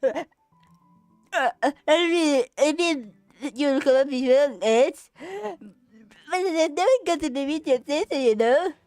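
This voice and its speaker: A woman's voice: sits high, expressive, slow, darkish tone, dry recording, soft background music, pitched above the performer's own voice, exaggerated voice. Woman doing a stammering nerdy classmate. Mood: nervous. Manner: stammering, hesitant. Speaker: streamer voicing a game character.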